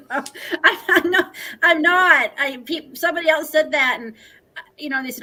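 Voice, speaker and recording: A woman's voice: a little high, normal speed, bright, forceful tone, low-quality recording. A woman in her forties, a livestream guest, telling a personal story in an earnest, emotional, talkative way.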